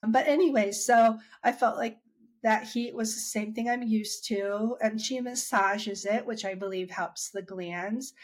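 A woman with a fairly high, steady voice speaks a little slowly as she tells, in a casual conversational way, the story of her dry eyes. She's an interviewee who chats freely about her own experience, often restarting sentences and acting out quotes from herself and others.

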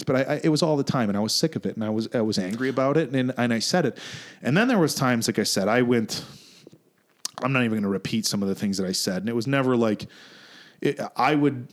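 A man in his thirties co-hosting a casual podcast, telling a story in an animated, profane way, restarting often and jumping up in pitch when he quotes himself. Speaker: podcast co-host.

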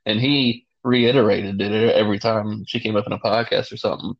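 A man's voice: lowish voice, fairly even intonation, fairly quick. A young man co-hosting a casual podcast, laid-back and crude, saying "dude" a lot. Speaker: podcast co-host. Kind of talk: casual chat. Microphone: remote call line. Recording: slightly dull lo-fi audio.

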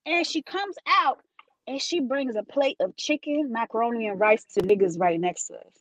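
A young woman blogger tells a story in casual podcast chat. Her voice is fairly high and swings widely in pitch. The sound is dry and close, and her tone is exasperated. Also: lively intonation, moderate pace, fairly bright tone, dry recording, poor audio.

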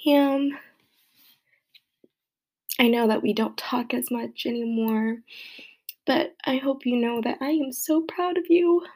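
A young woman talks slowly in a casual solo podcast, her high voice roughened by plenty of vocal fry. She rambles and halts with fillers, and often sinks to a soft near-whisper. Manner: halting and rambling, full of fillers. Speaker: friend recording a birthday message.

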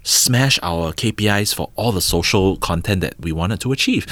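A low-pitched Singaporean man in his thirties, speaking in an English full of local color. He tells his story with a lively, swinging voice and acts out every quote. He keeps checking in with his listener with a quick "right?". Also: no room sound. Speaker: podcast guest, entrepreneur. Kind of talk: casual storytelling interview.

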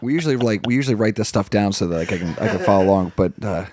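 A man's voice: lowish voice, very fast, a crowd in the background. A man in his thirties or forties, co-hosting a podcast in casual chat, telling jokey stories with lots of laughter. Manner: animated, laughing, jokey storytelling. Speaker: podcast co-host.

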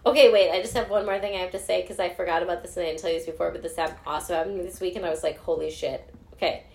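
Animated swearing woman telling a story. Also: fairly low pitch, very fast. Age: 40s. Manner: animated storyteller, swears freely, acts out quotes. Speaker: podcast co-host, teacher. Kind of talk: casual chat.

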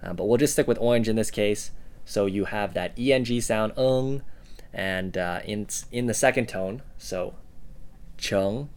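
Low-voiced man giving examples, unhurried. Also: clear, resonant tone. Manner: relaxed, many "uh" and "um" fillers. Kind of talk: casual podcast lesson.

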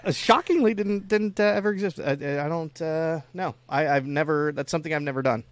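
A man's voice: fairly high pitch, brisk, no room sound. A man co-hosting a casual chat, rambling and swearing freely, often acting out squealing voices in his stories. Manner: profane, rambling, acts out squealing kid voices. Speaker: podcast co-host.

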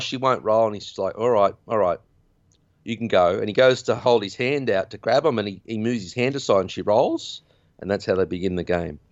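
A man's voice: lowish voice, no echo, lo-fi sound. A man hosting a podcast, recapping a film in a chatty, rambling way. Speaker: podcast host. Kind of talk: casual film recap chat.

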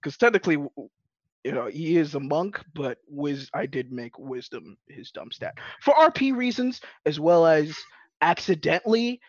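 A man's voice: on the high side, lively intonation, normal speed, a little mellow, dry recording. A man chatting casually about his tabletop game character, rambling with restarts, laughing and swearing. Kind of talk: casual podcast chat. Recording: dull lo-fi audio.

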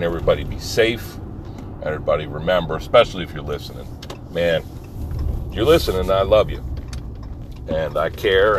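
A man with an extremely deep voice talks loosely to his viewers from a parked car. He rambles, swears freely and laughs often. Car and street noise is clearly audible behind him. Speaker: vlogger. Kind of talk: casual monologue.

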